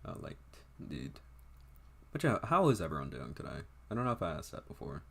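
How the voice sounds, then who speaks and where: A man's voice: deep voice, wildly swooping pitch, fairly quick, gravelly, a little hiss or hum. A young man streaming a game, chatting to viewers in a rambling, offhand and profane way. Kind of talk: casual livestream chat.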